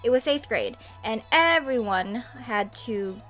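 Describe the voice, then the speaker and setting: A young adult woman telling a story in casual vlog style into a webcam mic, chatty and animated, with frequent laughs and sighs. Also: a little high, measured pace, faint music behind. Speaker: vlogger. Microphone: webcam microphone.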